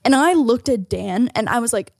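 A woman's voice: on the high side, lively intonation, normal speed, vocal fry, no room sound, studio quality. A woman co-hosting a podcast in casual chat, talking bluntly and emphatically and swearing freely. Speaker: podcast co-host.

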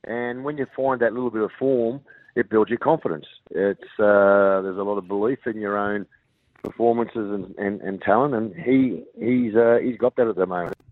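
An Australian man, a rugby league coach, talking haltingly with many fillers and restarts in a radio interview over the phone. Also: on the low side, dry recording. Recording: tinny phone line.

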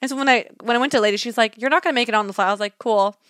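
A woman's voice: on the high side, very fast, a bit bright, no room sound, clean studio sound. A young woman co-hosting a podcast, telling a story in casual chat and acting out her own reactions. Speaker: podcast co-host.

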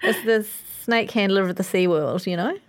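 A woman co-hosting a casual podcast recap, rambling and restarting her sentences, dropping lower for asides. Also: moderate pace. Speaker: podcast co-host.

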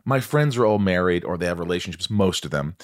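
A man hosting a podcast, talking in a casual, animated way with lots of swearing and self-deprecating stories. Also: low voice, fast. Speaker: podcast host. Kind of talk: casual chat.

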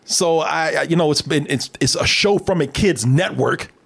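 A man hosting a casual, comedic film review podcast who talks in an animated way, laughs often and swears freely. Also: on the high side, normal speed, creaky, breathy edge.

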